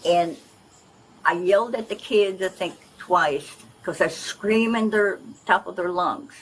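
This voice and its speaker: Captured on a police bodycam outdoors with faint noise, an older woman being questioned as a resident rambles and complains insistently to an officer. Her voice is lowish and a little slow, and the audio is poor.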